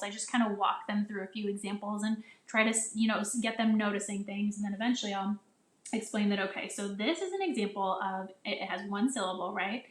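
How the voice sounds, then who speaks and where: A woman teacher walks other teachers through a phonics lesson in a casual, chatty way. She often restarts her sentences and sounds out vowel sounds as she would for young children. Her voice sits at a middle pitch and carries a noticeable echo from the room. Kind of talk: casual instructional explanation. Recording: echoey room.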